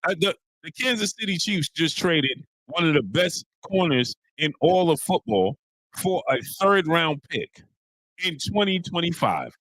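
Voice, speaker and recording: A man's voice: on the high side, a little slow, no room sound. A man hosting a casual live-streamed sports talk show, preaching his point with lots of repetition and greeting viewers in the chat. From New York. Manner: animated, preachy, repeats lines for emphasis, greets chat viewers.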